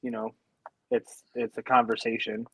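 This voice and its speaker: Relaxed man, hesitant casual chat. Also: mid-range voice, moderate pace, husky. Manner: relaxed, hesitant, many fillers.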